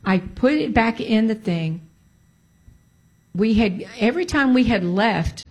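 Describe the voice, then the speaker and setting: A woman casually telling a personal story, animated and emphatic, repeating key points and breaking into prayerful exclamations. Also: mid-range voice, slow pace. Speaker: storyteller sharing a personal testimony.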